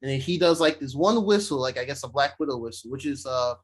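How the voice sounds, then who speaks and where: A man co-hosting a podcast, casually recapping an episode and acting out the characters' lines in quick voices. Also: medium pitch. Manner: animated retelling, slipping into quick voices for the characters. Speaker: podcast co-host. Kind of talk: casual chat recapping a show.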